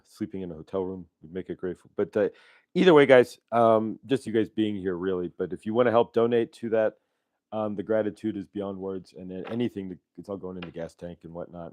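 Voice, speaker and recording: A man's voice: fairly low pitch, a little mellow, dry recording. A man hosting a spiritual livestream, chatting casually with viewers and reading oracle cards, rambling with lots of fillers and friendly asides. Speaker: host of a channeling and card-reading livestream.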